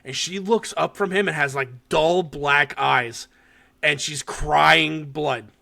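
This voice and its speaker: Man, podcast host, excitable profane storyteller, gravelly, sharp bright tone. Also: on the high side, takes it slowly. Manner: animated, profane storytelling with frequent laughter. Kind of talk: casual chat recapping a horror short film.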